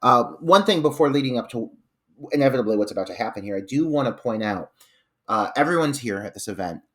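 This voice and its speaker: A man's voice: mid-range voice, expressive, fast, fairly bright tone. A man co-hosting a podcast, chatting about a film with enthusiastic, profane jokes. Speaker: podcast co-host. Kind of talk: casual film discussion.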